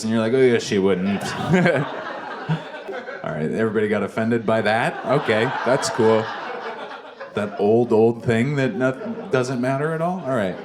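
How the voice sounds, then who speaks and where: Male stand-up, lowish voice, loose rambling crowd-work delivery, live club recording with noise behind. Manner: rambling, self-deprecating, chatting with the crowd. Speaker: stand-up comedian. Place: comedy club basement stage. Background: audience laughter.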